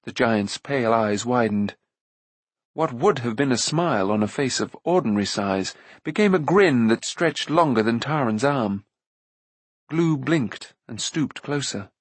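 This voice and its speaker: A man with a husky voice narrating a fantasy novel in expressive, measured storytelling. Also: mid-range voice, no echo. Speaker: audiobook narrator.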